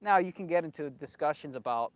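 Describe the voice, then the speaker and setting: A man's voice: fairly high pitch, lively intonation, a little fast. A man hosting a solo video monologue, rambling, repeating himself emphatically and losing his train of thought. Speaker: video host. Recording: dull lo-fi, dry sound.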